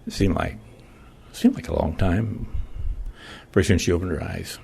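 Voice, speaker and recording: A man's voice: low voice, normal speed, creaky, darkish tone, breathy edge. An older man giving a plain-spoken, emotional personal testimony in church, with folksy phrasing.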